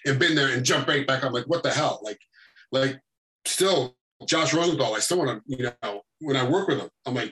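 A man's voice: mid-range voice, moderate pace. A man, a guest who referees MMA and once fought, talking in a casual interview and acting out fight scenes as he tells them. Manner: animated storytelling that acts out fight scenes.

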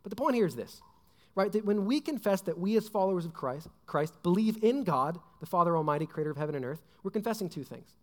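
A man's voice: high-pitched, lively intonation, fast. A young adult man giving a casual sermon, chatty and full of fillers like "like" and "right?". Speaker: preacher. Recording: long hall reverb.

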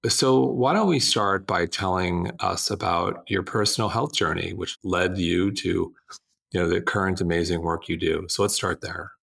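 Podcast host: man, very deep and gravelly, husky, relaxed questions, distant mic with faint music. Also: normal speed. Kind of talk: interview questions.

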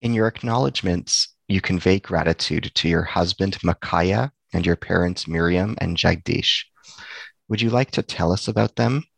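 A man interviewing an author, asking polite, measured questions. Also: low voice, creaky, dry recording.

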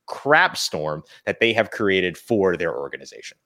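A man co-hosting a daily sports talk podcast, delivering his points with energetic emphasis. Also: low-pitched, unhurried. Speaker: podcast co-host.

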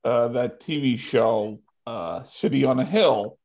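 A man's voice: medium pitch, slow pace, a little mellow. A man who acts, chatting casually and hesitantly, with many fillers and a disbelieving tone. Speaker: podcast co-host, actor. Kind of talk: casual chat.

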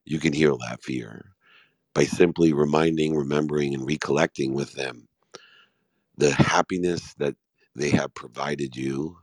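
Man in his 50s with a super low voice, motivational and emphatic, dry close sound, talking on an online call. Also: fairly even intonation, measured pace, no room sound. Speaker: host and business speaker. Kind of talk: live audio room Q&A.

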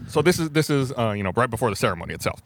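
A man co-hosting a podcast in a coffee shop who tells anecdotes briskly, his voice at a middle pitch. He jokes and laughs his way through the story. His talk runs quick and chatty. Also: big pitch swings, a little hiss or hum. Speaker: podcast co-host. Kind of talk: casual chat.

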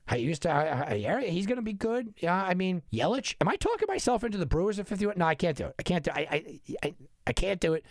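A man's voice: mid-range voice, no room sound, clean studio sound. A man hosting a sports betting podcast, talking animatedly on his own, arguing with himself and restarting sentences. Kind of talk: solo sports betting talk.

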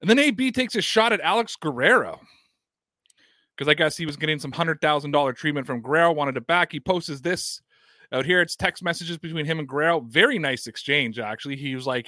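A man's voice: on the high side, brisk, dry recording, clean studio sound. A man hosting a sports podcast, going through a news story in casual commentary, talking straight to his audience and reading statements aloud. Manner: animated, talks to the audience directly, recounts and reads out statements.

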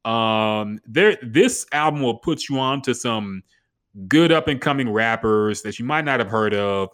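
A man's voice: mid-range voice, expressive, unhurried, fairly bright tone. A man co-hosting a casual podcast chat, laid-back and joking, often saying "man". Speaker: podcast co-host.

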